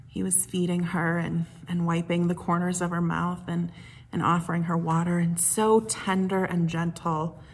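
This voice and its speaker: Husky-voiced woman pastor preaching gently. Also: lowish voice. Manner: gentle, unhurried storytelling with soft hushed moments. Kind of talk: sermon with personal stories.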